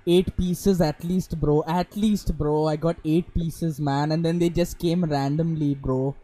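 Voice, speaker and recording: A man putting on an exaggerated Indian accent, playing a frustrated young guy griping loudly to a friend. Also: a little high, steady tone, poor audio. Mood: complaining. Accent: Indian, put on. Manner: loud, exaggerated, drawn-out bro-talk.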